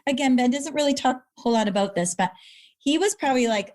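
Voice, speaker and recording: Woman, middle-aged, kinda high voice, earnest and animated, retells her story. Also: fast talker. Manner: earnest, animated, repeats words when moved. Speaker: guest, brain injury survivor. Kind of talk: emotional personal storytelling.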